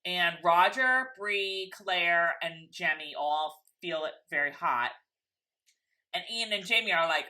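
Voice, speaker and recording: A woman's voice: fairly low pitch, slow, sharp tone. A woman co-hosting a casual TV recap, chatty and rambling, now and then acting out the characters' lines. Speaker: podcast co-host.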